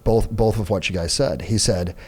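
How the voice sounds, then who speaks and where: A man's voice: fairly low pitch, normal speed, husky. A man, a sales trainer and podcast guest, telling a story in casual chat and acting out the quotes as he goes. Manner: animated storyteller, acts out quotes in other voices. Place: podcast studio.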